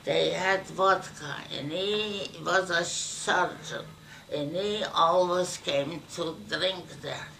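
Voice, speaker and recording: An older woman from Ukraine, giving an oral history interview in a halting way, repeating words as she searches for them. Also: lowish voice, gravelly, a bit bright. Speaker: interviewee recounting wartime memories. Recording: distant mic, faint background noise.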